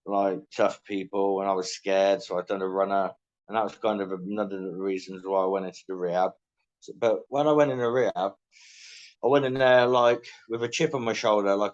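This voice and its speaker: A man's voice: on the low side, darkish tone, muffled recording. A middle-aged English man telling his life story candidly in casual interview talk, often acting out what people said to him. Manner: candid, self-mocking, acts out quoted dialogue.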